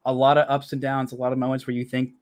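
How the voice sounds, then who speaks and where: A man's voice: mid-range voice, monotone, quick pace, a little mellow, no room sound. Chatty young man hosting a podcast. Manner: chatty, self-deprecating fan talk. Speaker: podcast host. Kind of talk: casual sports chat.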